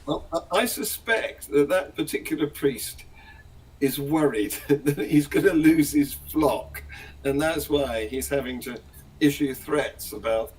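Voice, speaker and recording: A man hosting a news panel, introducing clips in a measured, wry way. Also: a little high, darkish tone. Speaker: host. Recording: husky voice from far off the mic.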